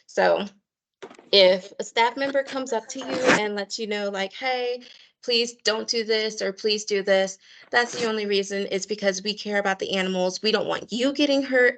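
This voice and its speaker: A woman's voice: medium pitch, a bit bright. A woman coordinating volunteers, giving a friendly online meeting briefing with lots of fillers and repeated pleas. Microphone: video call.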